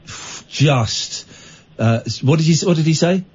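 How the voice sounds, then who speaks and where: A man's voice: on the high side, lively intonation, normal speed, a little mellow, husky. A man hosting a late-night radio phone-in, playful and teasing, with mock outrage. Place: radio studio. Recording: muffled radio broadcast.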